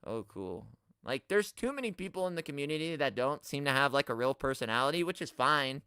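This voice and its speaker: Animated, ranting man streamer. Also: a little high, fast talker, smooth, dry recording, clean studio sound. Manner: animated, ranting, swears often. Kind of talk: live stream talk, reading chat. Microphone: studio mic, no camera.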